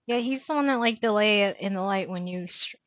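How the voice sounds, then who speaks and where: A woman chiming in on a casual cooking stream with quiet, teasing side remarks, heard on dull lo-fi stream audio away from the mic. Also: mid-range voice, a little fast, dry recording. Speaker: co-host on stream. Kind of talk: casual chat.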